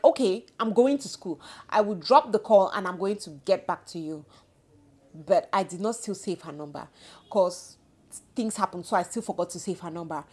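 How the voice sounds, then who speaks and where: A woman in her thirties telling a story to her viewers in a casual vlog, animated and indignant. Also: medium pitch. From Cameroon. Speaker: vlogger.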